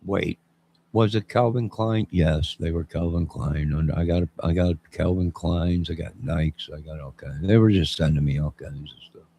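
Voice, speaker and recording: A man's voice: deep voice, normal speed, vocal fry, warm tone, slight background noise. A man in his fifties hosting his own channel, chatting in a rambling, jokey way and answering viewers as he goes. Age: 50s. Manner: rambling, jokey, responds to chat. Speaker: channel host. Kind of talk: rambling live-stream chat.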